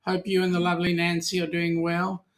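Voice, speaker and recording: A man's voice: high-pitched, completely flat delivery, brisk. A man with an Australian accent co-hosting a casual live-stream chat, greeting viewers by name and teasing them. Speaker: podcast co-host.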